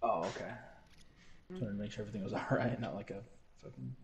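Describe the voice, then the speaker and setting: A man's voice: on the low side, fast talker, crowd noise. Casual male squad player, loose banter, slightly distant mic. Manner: chatty, relaxed banter between callouts. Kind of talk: casual gaming voice chat.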